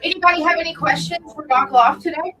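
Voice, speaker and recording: A woman's voice: high voice, fast talker, sharp tone, a little hiss or hum, rough recording. Chatty woman radio host. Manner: chatty, loose and rambling, greets listeners by name. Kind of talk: casual morning radio chat. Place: radio studio.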